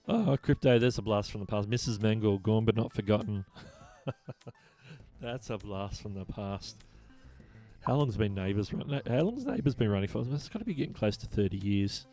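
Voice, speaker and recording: A man's voice: on the low side, expressive, moderate pace, warm tone, soft background music. Chatty Australian man hosting a live stream. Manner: chatty, reads chat messages aloud, chuckles often. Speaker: livestream host. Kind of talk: casual live-stream trivia chat.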